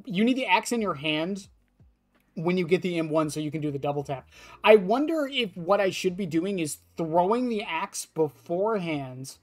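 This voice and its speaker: A man's voice: sits high, lively intonation, moderate pace, soft background music. A young man streaming a game, rambling casually to his chat with lots of fillers and laughs. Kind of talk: casual gameplay commentary to chat.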